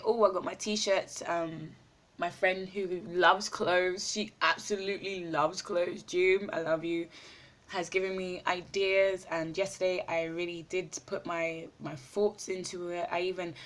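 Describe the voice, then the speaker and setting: A woman's voice: lowish voice, a bit bright. A woman talking effusively in a casual video diary, full of fillers and repeated words, at times chewing as she speaks. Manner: talks while eating. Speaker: vlogger.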